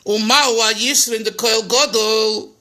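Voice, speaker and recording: A man's voice: high-pitched, steady tone, unhurried, pushed and bright. A man, a rabbi, teaching a Torah class, translating phrases line by line with restarts and chuckles.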